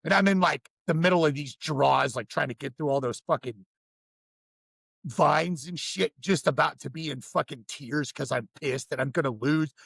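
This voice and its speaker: A man's voice: on the high side, normal speed, vocal fry, a bit bright, husky, no room sound. A man who is a podcast guest, telling stories in a blunt, profane, casual way. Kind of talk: casual conversation.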